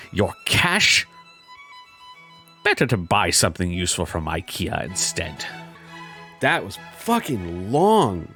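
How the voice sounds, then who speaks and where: A man's voice: fairly low pitch, fairly bright tone. A man hosting a comedy show, reading online reviews aloud and breaking off with sarcastic, mocking asides. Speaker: host.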